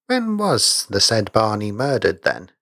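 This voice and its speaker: A man's voice: on the low side, huge pitch swings, a little slow, gravelly, fairly bright tone, no room sound, clean studio sound, heavily acted. A man voicing a sly traveling stranger who questions the villagers with sneering skepticism. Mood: skeptical.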